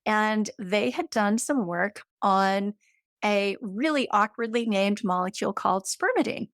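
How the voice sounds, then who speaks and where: A woman's voice: mid-range voice, a little slow, a bit bright, no room sound, studio quality. A woman in her fifties, a guest in an interview, explaining science with enthusiasm, checking in with "right?" and using everyday comparisons. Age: 50s.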